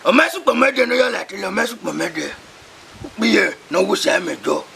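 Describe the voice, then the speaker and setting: A man's voice: sits high, moderate pace, vocal fry, pushed and bright, slight background noise, exaggerated voice. An actor playing a meek male helper who answers back timidly.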